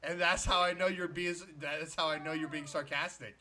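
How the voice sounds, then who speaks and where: A man hosting a casual stream chat, animated and mock-outraged, swearing freely. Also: on the high side, normal speed. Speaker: stream host.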